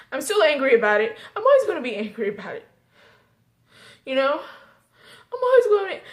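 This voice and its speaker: A young woman vlogging a personal story, emotional and halting, tearful and repeating herself. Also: on the high side. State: tearful, crying at times.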